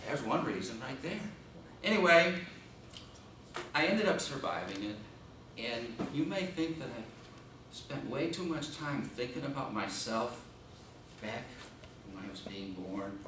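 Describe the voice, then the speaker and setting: A man gives a humorous speech and swings his pitch widely as he tells the story. He is recorded from a distance in a very echoey meeting room. Noise runs underneath. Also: measured pace, pauses often. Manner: animated comic storytelling. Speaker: contest speaker.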